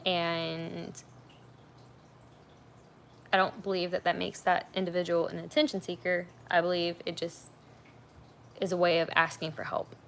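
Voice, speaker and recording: Gravelly-voiced young woman chatting on a livestream. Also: fairly low pitch, level tone, measured pace, pauses often, a bit bright, a little hiss or hum. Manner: chatty, frank, rambling with fillers. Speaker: livestream host. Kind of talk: casual livestream chat. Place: at home on a couch.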